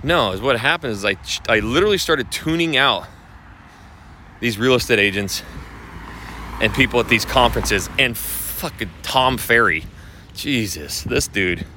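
Man, blunt and profane, casual monologue, mid-pitched voice, traffic noise behind. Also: animated, unhurried, bright, forceful tone. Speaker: video marketing coach for real estate agents.

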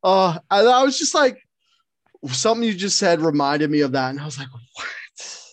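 A man co-hosting a podcast, telling work stories in a casual, animated way, laughing and swearing often. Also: a little high, a little fast. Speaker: podcast co-host.

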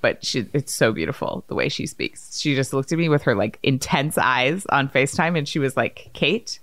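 A woman in her thirties hosting a podcast, telling a story in a lively, chatty way and acting out quotes. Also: rumbling low, normal speed, no echo. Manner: animated storyteller, acts out quotes. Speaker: podcast host. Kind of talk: casual chat.

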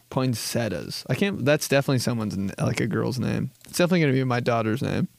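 A young man hosts a casual, comedic podcast, rambling in a profane, joking way, often laughing and acting out quotes. His voice is gravelly and medium-pitched, moving quickly with hardly any pauses. The recording is dry.

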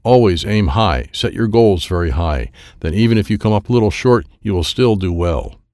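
A man's voice: low-pitched, lively intonation, moderate pace, a little mellow, no room sound, clean studio sound. A man voicing a stern, patient male karate master who gives firm, instructive commands. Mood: firm instructing.

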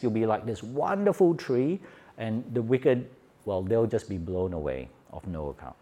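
Man, Australian accent, middle-aged preacher, lowish voice, relaxed storytelling sermon, lots of uh fillers. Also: moderate pace. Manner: conversational storytelling with frequent "uh" fillers. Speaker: pastor. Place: church retreat session hall.

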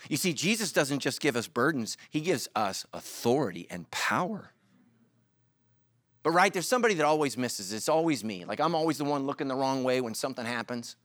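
Animated joking pastor, lively man's voice. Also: mid-range voice, fairly quick, dry recording. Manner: animated storytelling with jokes and acted-out quotes. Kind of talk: sermon.

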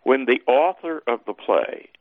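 A man giving a lively, emphatic teaching talk as a guest scholar, leaping up in pitch to stress his points. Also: measured pace, no room sound, phone-quality sound.

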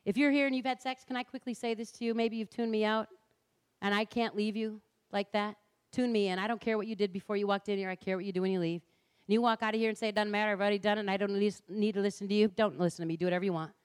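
A woman's voice: mid-range voice, fairly even intonation, very fast, clear, resonant tone. A middle-aged woman giving a passionate public lecture, punchy and direct, acting out the people she quotes. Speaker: public speaker. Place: lecture hall.

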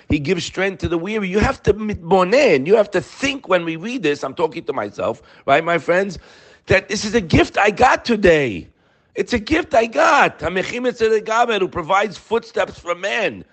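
A man teaching a daily Torah class, firing rhetorical questions and mixing Hebrew terms into his English. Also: high-pitched.

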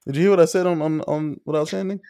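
A man's voice: fairly high pitch, racing, clear, resonant tone, no room sound, clean studio sound. A man hosting a podcast in casual chat, crude and laughing as he tells stories. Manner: crude, laughing, animated storytelling. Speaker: podcast host.

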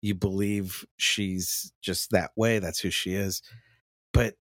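A man's voice: sits low, fairly even intonation, takes it slowly, fairly bright tone, no echo, clean studio sound. A man chatting casually as a podcast co-host, candid and profane, often restarting his sentences. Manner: candid, profane, mimics lines while he talks. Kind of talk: casual chat.

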